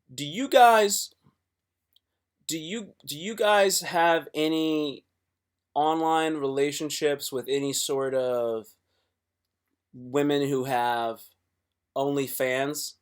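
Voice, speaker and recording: Male streamer with a raised pitch and a swearing, restart-heavy delivery. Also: clean tone. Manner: profane, rambling, with many restarts. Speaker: livestreamer. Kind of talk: casual livestream chat.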